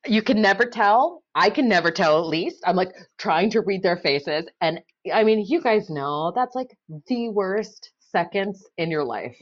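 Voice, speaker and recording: A woman's voice: mid-range voice, animated, measured pace, hardly any pauses, dull audio. A woman public defender speaking casually and candidly in a podcast interview, with many fillers.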